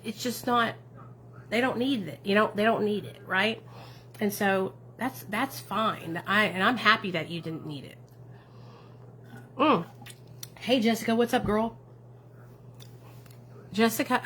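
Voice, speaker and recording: With a medium-pitched voice that sounds pushed and bright, a woman speaks at normal speed over a faint hiss or hum. She's an addiction recovery advocate and streamer, casually answering viewer comments with encouragement and affirmation and regularly adding questions to her points.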